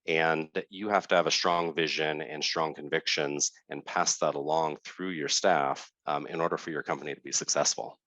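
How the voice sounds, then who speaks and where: Very deep-voiced hesitant male founder. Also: steady tone, moderate pace, few pauses, sharp tone, no room sound. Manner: hesitant, many fillers and restarts. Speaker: company founder and CEO. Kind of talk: interview answers.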